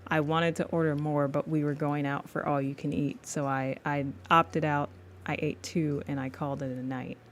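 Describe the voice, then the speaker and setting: A woman's voice: low voice, little pitch movement, normal speed, a little hiss or hum. A young woman chatting casually with her viewers while she draws live, laughing often and calling them y'all. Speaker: livestreaming artist.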